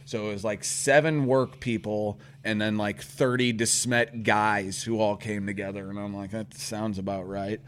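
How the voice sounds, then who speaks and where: A man telling a long story in casual podcast chat, swearing often and rambling with animated quoted voices. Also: fairly low pitch, normal speed, hardly any pauses, clean tone.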